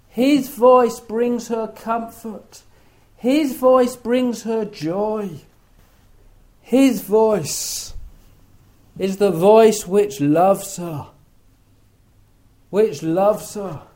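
Guy preaching slow and solemn, high voice but mellow tone, repeats stuff for emphasis. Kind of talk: scripture reading and sermon.

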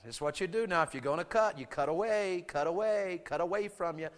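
A man delivering a youth sermon with animated storytelling that swings into shouting. His voice sits fairly high for a man, and a long reverb trails it around a large hall. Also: a little fast. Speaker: preacher to teenagers.

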